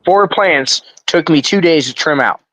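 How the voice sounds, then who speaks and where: A man co-hosting a laid-back podcast, talking big and swearing freely, with "bro" tacked onto almost everything. His voice is bright and tense, sitting a bit high, and the recording is dry and close. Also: a little slow, dry recording, rough recording. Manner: boastful, profane, says bro often. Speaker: podcast co-host. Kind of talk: casual chat.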